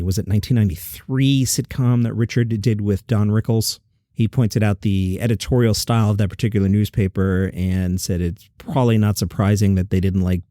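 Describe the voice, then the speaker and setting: A man's voice: on the low side, mellow, no room sound, studio quality. A man hosting a comedy news podcast, chatty and opinionated, reading listener comments aloud.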